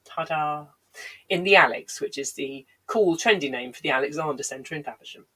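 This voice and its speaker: Her voice is deep, a little fast, and fairly bright, with a breathy edge. On a roughly recorded home livestream, the congested comedian, still coughing now and then, wanders through comic tales with dry, self-deprecating remarks.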